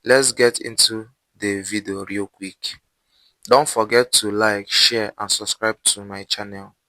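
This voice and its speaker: A man narrating a scripted channel intro as host, with measured, announcer-like delivery. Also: lowish voice, steady tone, sharp tone, no echo, rough recording.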